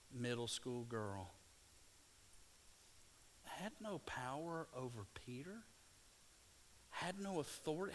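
A preacher delivers a sermon with a fairly high voice for a man. He swings from quiet, drawn-out lines to loud, quick bursts. His delivery is energetic and full of dramatic contrast. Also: a little hiss or hum. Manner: dynamic, swings from hushed to shouting. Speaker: pastor.

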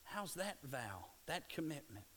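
A preacher delivers a sermon with a fairly high voice for a man. He swings from quiet, drawn-out lines to loud, quick bursts. His delivery is energetic and full of dramatic contrast. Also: slight background noise. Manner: dynamic, swings from hushed to shouting. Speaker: pastor.

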